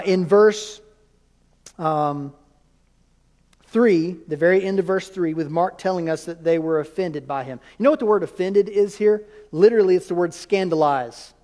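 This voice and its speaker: A male pastor with a high voice delivers a teaching sermon, tossing questions to his congregation and answering them himself. His words ring out with the long reverb of a church sanctuary. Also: darkish tone.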